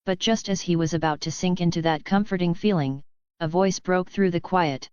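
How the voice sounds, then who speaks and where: Woman reading a story audiobook, lowish smooth voice, dry slightly dull sound. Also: moderate pace, darkish tone, dry recording. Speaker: audiobook narrator. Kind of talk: scripted fan-novel narration.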